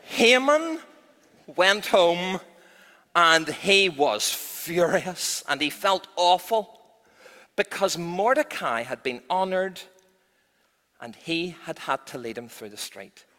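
A man tells a Bible story to children in church with lively, animated delivery. His voice is bright and fairly high, with a long echo from a large hall. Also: takes it slowly. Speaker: children's talk leader.

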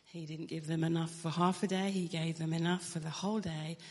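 A woman's voice: sits low, fairly even intonation, brisk, darkish tone, big-room sound. A woman singer telling a personal faith story in an earnest way, dropping to a near whisper at the most emotional moments. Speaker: Christian singer.

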